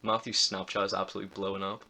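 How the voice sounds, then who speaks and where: A man's voice: low voice, flat delivery, rapid-fire, creaky, bright, forceful tone. A teenage boy co-hosting a casual film review podcast, chatty, often restarting his words and swearing offhand. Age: teens. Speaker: podcast co-host.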